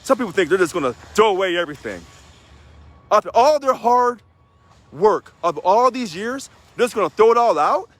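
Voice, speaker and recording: A man from Missouri, a union president, giving an energetic video address to union members and emphatically repeating key phrases. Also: sits high, moderate pace, no room sound.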